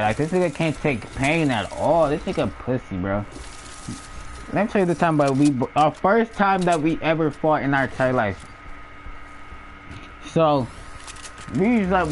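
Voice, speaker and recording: Animated young man telling stories. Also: on the high side, a little hiss or hum, low-quality recording. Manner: animated, laughs often, heavy slang, acts out sounds. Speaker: storyteller. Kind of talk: casual storytelling.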